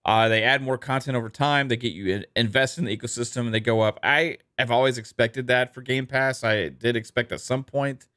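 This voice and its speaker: A man's voice: medium pitch, fairly even intonation, fairly quick, hardly any pauses, sharp tone, dry recording. Laid-back man reading super chats. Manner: laid-back, laughs easily, many ums and uhs. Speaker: podcast co-host. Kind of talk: casual podcast chat reading super chats.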